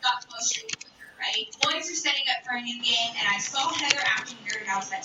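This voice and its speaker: A young woman telling a story casually as a streamer, animated, chatty and full of swearing. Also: sits high, fast talker, hardly any pauses, dull audio. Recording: echoey room, far from mic, background noise. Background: video playing in the background.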